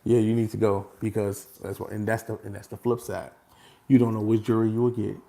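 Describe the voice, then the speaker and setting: A man talking casually and without a script to his followers, animated and repetitive, often breaking into laughter. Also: on the low side, brisk, creaky. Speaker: vlogger addressing his followers. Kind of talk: casual unscripted monologue.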